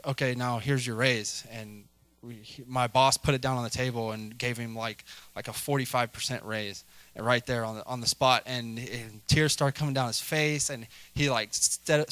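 A man's voice: mid-range voice, a bit bright, clean tone, no room sound. Chatty preacher man, dry sound. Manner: chatty, many fillers, asks "right?". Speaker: lay preacher. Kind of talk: casual sermon.

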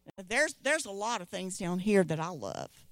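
A middle-aged woman, preaching a sermon and retelling scripture stories in an animated way. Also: medium pitch, moderate pace, no echo. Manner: storytelling, animated quoting of scripture voices.

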